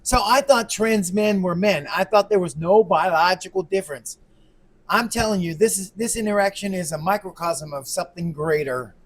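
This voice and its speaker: Casual host chatting and laughing a lot, mid pitch. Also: moderate pace. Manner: laughs often, talks things through. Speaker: show host. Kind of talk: casual chat.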